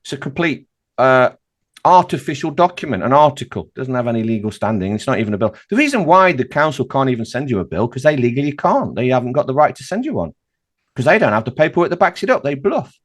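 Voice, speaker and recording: A man's voice: mid-range voice, sing-song, fast. A man talking as a podcast guest in an emphatic, insistent way, firing off rhetorical questions. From United Kingdom. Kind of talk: animated podcast conversation.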